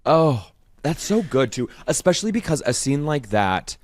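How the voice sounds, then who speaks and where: A man's voice: a little high, very animated, moderate pace. A man co-hosting a podcast, recapping an episode in casual, enthusiastic chat. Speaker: podcast co-host.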